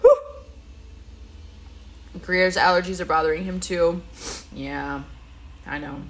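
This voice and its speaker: A woman's voice: on the low side, fairly even intonation, slow. A woman, sounding a little stuffy, chatting casually on a livestream and answering viewers as she goes. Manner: chatty, rambling, reads viewer comments aloud. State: stuffy-nosed, yawning. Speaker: livestream host.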